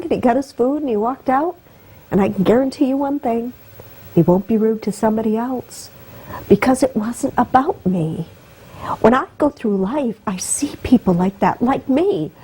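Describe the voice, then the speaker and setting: Telling a heartfelt personal story as a guest, this woman's voice climbs and catches with emotion. It sits on the high side, warm and a little breathy, and the recording quality is low.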